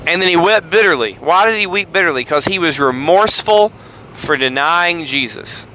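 A man's voice: a little high, animated, moderate pace, pushed and bright, a little hiss or hum. A man with a Southern US accent hosting a podcast, casually retelling Bible passages and acting out the quoted lines in voices. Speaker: podcast host.

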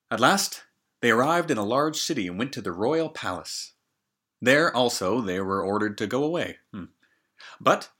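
Bright-voiced man reading a fairy tale. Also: lowish voice, breathy edge. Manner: joking, commenting on the story. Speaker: storybook reader.

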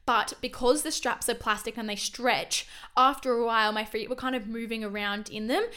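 A young woman in her early twenties, hosting a solo podcast in a chatty, fast way, often correcting herself mid-sentence. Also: on the high side, fairly even intonation, bright, forceful tone, clean tone. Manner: chatty and fast, with frequent self-corrections and fillers. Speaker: podcast host. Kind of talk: casual solo podcast monologue.

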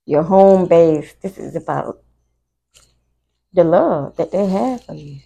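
A woman speaking in a slow, unhurried way, with a gravelly edge to her voice. She talks, giving a casual live tarot reading to her viewers, and she gets emotional as she goes. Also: fairly low pitch, animated, dark tone, poor audio. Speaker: tarot reader.

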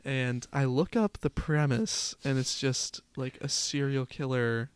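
Young male co-host, clear smooth voice, dry close sound, playful storyteller. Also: medium pitch, fairly even intonation, measured pace, no echo. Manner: laughs through his stories, playful. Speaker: podcast co-host. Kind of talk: casual storytelling chat.

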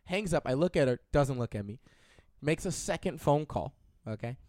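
A young man spinning a story on a podcast, his pitch swinging widely as he talks. His voice sits slightly high for a man, and the recording is close and dry with no room sound. He tells it with profanity and acts out the other people's lines. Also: moderate pace, no echo. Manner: animated, profane storyteller who acts out quotes. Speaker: podcast co-host. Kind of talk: casual chat, storytelling.

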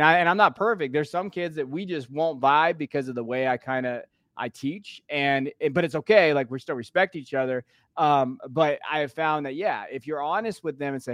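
A man who teaches, talking earnestly in a casual podcast conversation, with emphatic, animated bursts. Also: mid-range voice, no echo, clean studio sound. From Portuguese and Irish heritage.

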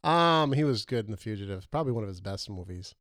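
A man's voice: lowish voice, lively intonation, quick pace, fairly bright tone, no room sound, clean studio sound. A man co-hosting a casual movie review chat, rambling and losing his words mid-sentence.

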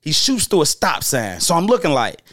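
A man telling stories from his past in a casual, slang-heavy way, animated and jumping into the voices of the people in them. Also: fairly high pitch, normal speed, dry recording, clean studio sound. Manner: animated, acts out quoted voices, loose slang-heavy talk with restarts. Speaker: storyteller host. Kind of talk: casual street storytelling.

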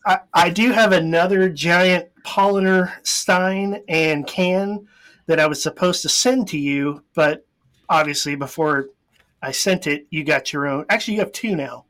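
A man's voice: on the high side, a little slow, a bit bright. A man co-hosting a podcast in casual chat, easygoing and making dry quips. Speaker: podcast co-host.

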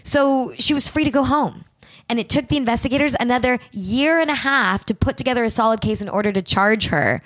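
A woman casually telling a true crime story for laughs, animated and acting out the people in it. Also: fairly high pitch, fairly quick. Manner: animated, acts out quoted people with swearing and asides.

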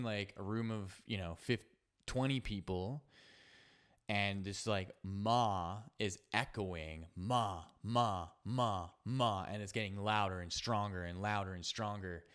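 A man hosting a solo podcast, telling a personal story in an earnest, halting way with frequent restarts and fillers. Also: fairly low pitch, fairly bright tone, clear, resonant tone. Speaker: podcast host.

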